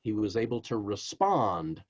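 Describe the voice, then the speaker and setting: Animated male storyteller, muffled audio. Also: lowish voice, unhurried. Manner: animated, emphatic storyteller who addresses the host directly. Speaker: author guest. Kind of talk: interview storytelling.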